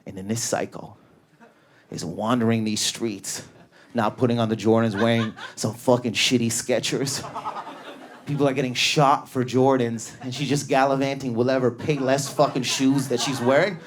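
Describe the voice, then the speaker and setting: A man in his thirties doing an animated stand-up comedy set on a club stage, telling stories with bursts of energy and acted-out voices. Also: normal speed. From Canada. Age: 30s. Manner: high-energy, animated storytelling with sudden volume swings and acted-out voices.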